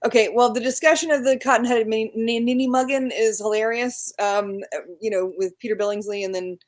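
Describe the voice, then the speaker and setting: A woman's voice: a little high, fairly even intonation, a little fast. A woman as a podcast guest, enthusiastic and laughing, with many fillers. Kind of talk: casual group chat.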